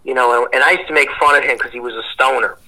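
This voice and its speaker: A man's voice: medium pitch, fairly even intonation, fast, pushed and bright, low-quality recording. A man in his forties, a podcast guest, telling a rambling, profane story in casual chat.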